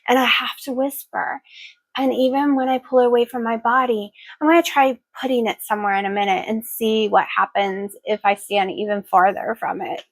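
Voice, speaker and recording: Woman, home kitchen vlogger, slightly high voice, chatty and hyper, runs on in quick bursts. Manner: rambling, excitable, talks fast in bursts. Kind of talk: casual vlog chat. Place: home kitchen, cooking at a griddle. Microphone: new clip-on wireless mic, sometimes clipped to the stove away from her.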